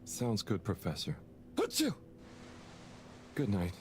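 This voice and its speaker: An actor playing a gentle, awkward young man in a video game, hesitant and polite, with frequent sneezes. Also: lowish voice, very animated, moderate pace, a little hiss or hum. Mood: mild.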